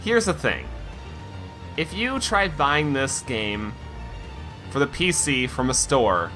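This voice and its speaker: Animated man reading listener comments. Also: slow, soft background music. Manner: animated, reads in a mock-dramatic low voice. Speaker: podcast co-host.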